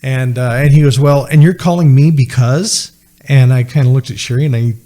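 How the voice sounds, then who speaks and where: Guy on a podcast, mellow warm voice, keeps going "he said" as he tells his story. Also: medium pitch, fairly quick. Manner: earnest, retells dialogue with many "he said" asides. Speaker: podcast guest. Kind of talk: conversational storytelling.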